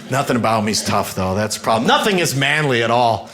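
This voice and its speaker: A man in his thirties doing a stand-up comedy set on a club stage, telling self-mocking stories with bursts of shouted punchlines. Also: mid-range voice, lively intonation, brisk. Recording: noisy live club recording.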